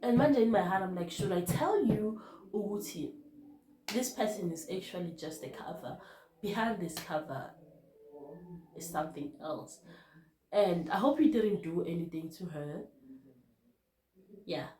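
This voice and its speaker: Young South African woman, lowish voice, hushed confessional vlog storytelling, echoey room. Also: animated, a little slow, pauses often. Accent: South African, mixing in Zulu. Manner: hushed and subdued when recalling events, code-switching. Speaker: vlogger. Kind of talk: personal storytelling to camera.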